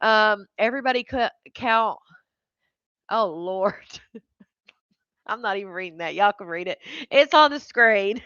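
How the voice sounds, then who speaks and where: A woman's voice: mid-range voice, lively intonation, a little slow, pauses often, fairly bright tone, smooth, dry recording, lo-fi sound. A woman hosting a casual live stream, greeting viewers by name and laughing often.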